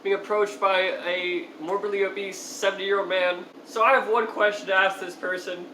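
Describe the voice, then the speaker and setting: A woman's voice: mid-range voice, fairly even intonation, normal speed, few pauses, sharp tone, echoey room, slight background noise, rough recording. A young woman vlogger tells a story to the camera, laughing often and swearing as she goes. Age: young adult. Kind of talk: storytime vlog.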